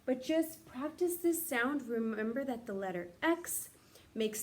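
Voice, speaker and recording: A young woman teacher leading a recorded phonics lesson for young children, stretching out sounds slowly and cheering the kids on. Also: sits high, animated. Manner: slow, drawn-out sounding of words with cheerful prompts.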